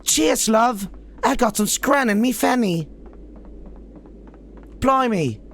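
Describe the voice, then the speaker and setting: A man's voice: very high voice, animated, slow pace, gravelly, a bit bright, slight background noise, pitched above the performer's own voice, heavily acted. A man putting on a cheery young British woman hero as an overdone mock-British caricature. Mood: mock cheerful.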